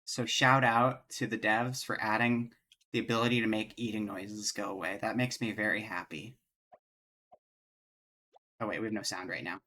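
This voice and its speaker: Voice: mid-range voice, fairly even intonation, normal speed, pauses often, bright, forceful tone. A game streamer chatting casually with viewers and reading game dialogue aloud during a live stream.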